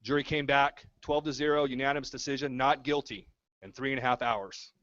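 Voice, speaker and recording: A man's voice: mid-range voice, steady tone, brisk, a bit bright, lo-fi sound. A man giving an impassioned speech at a community town hall, repeating his points to rally the room. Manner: fervent, repetitive rallying speech. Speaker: activist speaking at a town hall.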